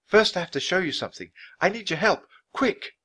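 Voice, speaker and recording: A man doing a high, eager young girl. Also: expressive, pushed and bright, husky, heavily acted. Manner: eager, quick.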